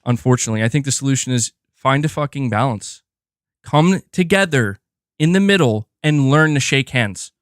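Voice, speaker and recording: Male streamer host, mid-pitched, loose animated rant full of fillers and cursing, dry booth sound. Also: moderate pace, no room sound. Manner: animated rant, heavy filler words, swears freely. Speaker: gaming podcast host. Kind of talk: casual livestream commentary.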